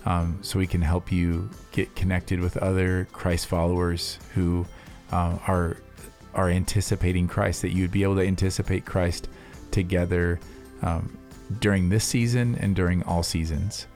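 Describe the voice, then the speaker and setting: A man's voice: low voice, little pitch movement, normal speed, darkish tone, faint music behind. A man co-hosting a church podcast, talking earnestly with frequent fillers and restarts. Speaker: pastor co-host.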